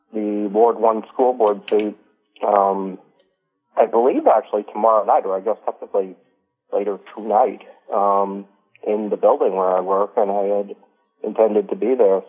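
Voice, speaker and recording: A man's voice: on the low side, breathy edge. Hesitant male caller on a phone line. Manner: hesitant, many ums and uhs. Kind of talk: casual call-in chat. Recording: tinny phone line with faint music.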